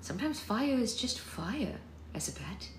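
A woman's voice: medium pitch, big pitch swings, unhurried, pitched above the performer's own voice. A woman reading the lines of a guarded, dry-witted middle-aged witch mother, in a roomy recording with faint background noise.

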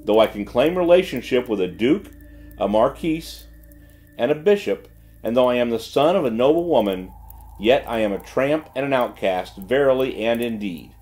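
A man's voice: medium pitch, expressive, normal speed, a little mellow, faint music behind, lightly acted. A man voicing a disgraced clergyman's farewell letter in a solemn, declaiming way. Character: ruined gambling clergyman writing farewell.

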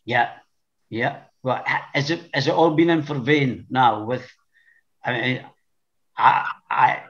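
A man's voice: mid-range voice, takes it slowly, a bit bright. Blunt Orkney man with a dull, lo-fi sound. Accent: Orkney Scottish. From Orkney Islands. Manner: rambling, repeats words, blunt opinions. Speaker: podcast guest. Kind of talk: casual interview chat.

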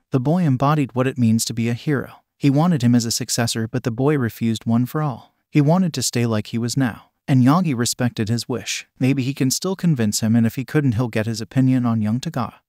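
A man's synthetic voice reading fan fiction as scripted narration, in an even, flat delivery. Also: medium pitch, no room sound, clean studio sound.

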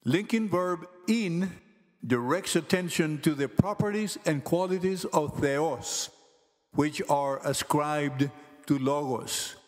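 A man teaching Greek grammar in slow, careful scripted narration, pronouncing each word deliberately. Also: fairly high pitch. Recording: long hall reverb with faint music.

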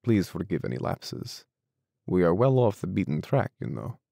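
A man voicing a suave, menacing aristocratic hunter general in an audiobook, courteous, slow and measured, often dropping low and quiet. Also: big pitch swings, creaky, no echo, clean studio sound, full character voice. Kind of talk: audiobook character reading.

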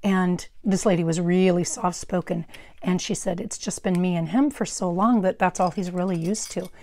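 A middle-aged woman with a naturally loud voice hosting a craft tutorial, chatting through each step with asides and self-corrections on a wearable mic at her workstation. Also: lowish voice, steady tone, normal speed. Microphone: wearable microphone.

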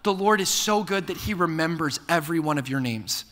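A young man preaching a lively sermon to a live audience, joking and asking them to repeat lines after him. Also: on the high side, brisk. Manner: energetic, playful preaching with call-and-response jokes. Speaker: pastor. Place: church hall before a live audience. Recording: long reverb of a hall.

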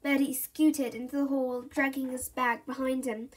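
A woman's voice: sits high, moderate pace. Woman reading a children's story aloud. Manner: animated, expressive storytelling. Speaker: storybook reader.

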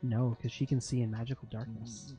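A man's voice: medium pitch, level tone, fairly quick, music in the background. A man running a tabletop game as game master, narrating monster actions vividly and explaining rules, with frequent fillers.

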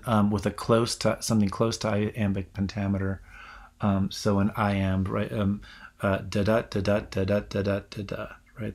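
Halting man lecturing on verse. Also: fairly low pitch. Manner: halting, many ums and restarts, reads verse aloud. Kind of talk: recorded literature lecture.

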